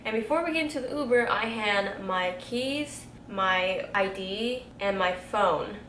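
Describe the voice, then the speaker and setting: A woman in her twenties chatting casually to camera, telling a storytime tale, animated and full of "like.". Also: mid-range voice, a little slow, far from the mic. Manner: chatty, animated, heavy use of "like". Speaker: beauty vlogger telling a story. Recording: echoey room, faint background hiss.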